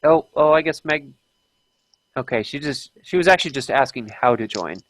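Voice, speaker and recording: A man's voice: mid-range voice, lively intonation, normal speed, background noise. A man hosting an unplanned live stream, chatting casually and often stopping to restart his sentences.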